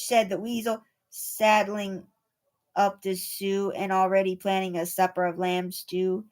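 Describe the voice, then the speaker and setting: A woman reading a rhyming children's picture book aloud, with animated, playful delivery and voices for the animals. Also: mid-range voice, unhurried. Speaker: storyteller.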